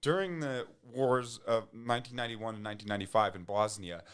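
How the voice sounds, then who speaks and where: A man's voice: fairly low pitch, fairly quick, clean tone. Rambling man chatting casually. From United States. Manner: rambling, frequent restarts and fillers, laughs when excited. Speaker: podcast guest. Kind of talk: casual conversation.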